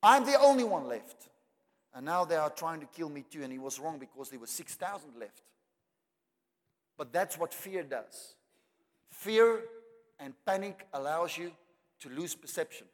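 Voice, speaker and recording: A man preaching a sermon, swinging between loud climaxes and quiet asides. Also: fairly high pitch, normal speed, pauses often. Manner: dramatic preaching with rising shouts and soft drops. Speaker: pastor. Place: church hall. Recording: long hall reverb.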